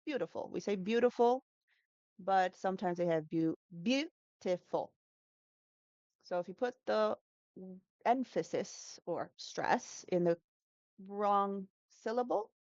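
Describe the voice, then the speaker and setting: A woman's voice: on the low side, darkish tone, no echo, lo-fi sound. A woman who teaches English, talking through pronunciation tips in a casual interview, explaining patiently and demonstrating sounds with frequent fillers.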